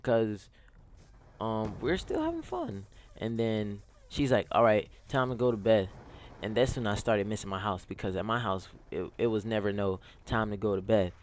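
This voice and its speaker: A man's voice: lowish voice, big pitch swings, normal speed, a little hiss or hum. A young man telling a casual storytime on his gaming channel, rambling and slangy with lots of "like" and "yo".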